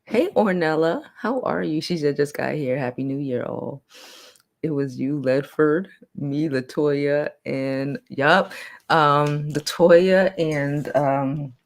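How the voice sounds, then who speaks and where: A woman hosting a casual livestream, talking bluntly with profanity and reading viewers' comments aloud in a lowered, softened voice. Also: takes it slowly. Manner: putting on a lower, softer new voice. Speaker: livestream host.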